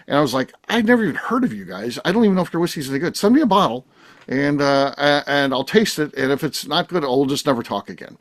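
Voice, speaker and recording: A man's voice: fairly high pitch, lively intonation, quick pace. A man hosting a casual podcast roundtable, rambling and exasperated, swearing now and then. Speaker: podcast host.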